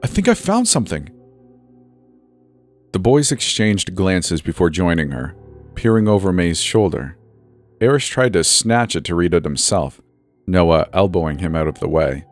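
Low-voiced guy reading a creepy story, measured, faint music in the back. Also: animated. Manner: measured first-person storytelling, dropping soft and slow in dreamy passages. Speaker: horror story narrator. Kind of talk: scripted narration.

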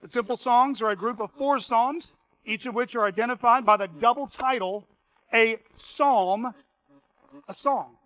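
A man's voice: very high voice, a little fast, pushed and bright, low-quality recording. A man preaching a sermon as pastor, earnest and reading quotations aloud with emphasis.

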